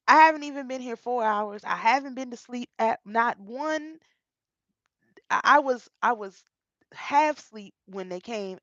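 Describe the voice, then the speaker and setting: Animated woman telling a story, lo-fi. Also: mid-range voice, no room sound. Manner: animated, repeats and restarts phrases. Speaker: vlogger. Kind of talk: casual storytelling monologue. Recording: dull, dry lo-fi sound.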